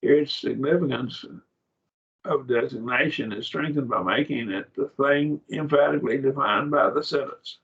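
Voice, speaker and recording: A man teaching a Bible study class in a casual lecture, talking in halting phrases and repeating words as he explains. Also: mid-range voice, fairly bright tone. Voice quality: gravelly and husky. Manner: halting, repeats words, uses fillers and "see?". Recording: dull lo-fi classroom recording.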